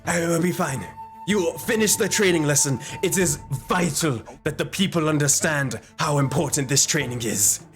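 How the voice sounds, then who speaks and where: Guy doing a whiny warrior faking a hurt arm, yelps way up high. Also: normal speed, soft background music, close to an everyday voice. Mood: wincing. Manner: whiny, yelping, theatrical. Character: melodramatic male mushroom-folk warrior faking injury.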